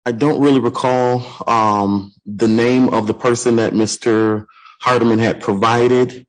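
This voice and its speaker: A man's voice: mid-range voice, steady tone, measured pace, low-quality recording. A man testifying as a sheriff's deputy at a court hearing, formal and hesitant, answering with "yes, sir".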